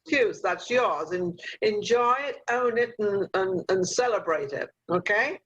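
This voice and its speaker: A woman's voice: medium pitch, lively intonation, unhurried, a bit bright, breathy edge. An older woman hosting an interview over a video call, chatty and motherly as she hands out advice, with plenty of fillers. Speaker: talk show host. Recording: muffled video call audio.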